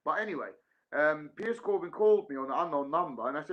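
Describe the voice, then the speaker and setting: A man's voice: a little high, fast talker, fairly bright tone. A man telling a long, rambling story in casual conversation, acting out both sides of phone calls. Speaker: guest. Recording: dull lo-fi sound.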